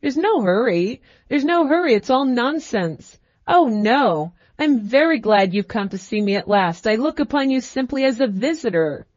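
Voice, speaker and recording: A woman's voice: on the high side, lively intonation, moderate pace, darkish tone, no echo, muffled recording. A woman voicing a crafty, fussy middle-aged male magistrate who talks in a cackling, ingratiating way.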